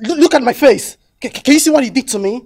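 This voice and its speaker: A young son, Nigerian accent, stammering, pleading, husky, swoops up and down. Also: male voice, very high-pitched, animated, quick pace, darkish tone. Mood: upset. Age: young adult. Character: resentful young man who feels disowned by his father. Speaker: grown son. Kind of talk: film drama acting.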